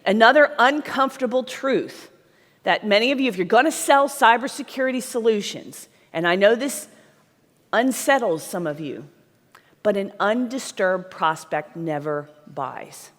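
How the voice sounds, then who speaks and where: A woman's voice: fairly high pitch, expressive, measured pace. A middle-aged woman giving a blunt, emphatic sales seminar to a live audience, often checking in with "right?". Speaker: sales trainer speaking at a conference. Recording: long reverb of a large hall.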